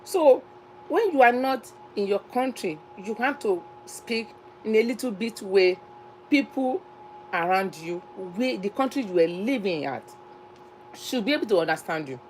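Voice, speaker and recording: A woman's voice: medium pitch, animated, unhurried, darkish tone, slight background noise, low-quality recording. Earnest Nigerian woman talking to camera. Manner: earnest, repeats herself, restarts phrases. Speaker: cooking channel host. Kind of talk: casual talk to camera.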